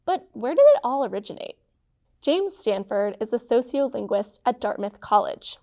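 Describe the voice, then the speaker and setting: A woman hosting and narrating a scripted explainer, with a clear, measured delivery. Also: a little high, very animated, dark tone. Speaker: host.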